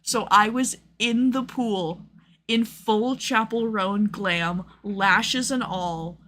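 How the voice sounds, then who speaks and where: A woman's voice: medium pitch, pushed and bright, slight background noise. A young woman streaming, chatting casually with lots of fillers and acted-out quotes. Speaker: streamer host.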